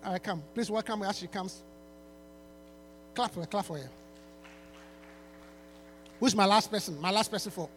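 Man, pastor at a church appeal, high voice, pleading, stammering restarts. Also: normal speed, long pauses, fairly bright tone, a little hiss or hum. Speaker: pastor launching a book.

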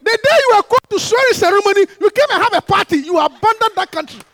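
Very high-voiced animated preacher. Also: male voice, fast, dry recording. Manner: animated, laughing, rising to shouts. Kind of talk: sermon.

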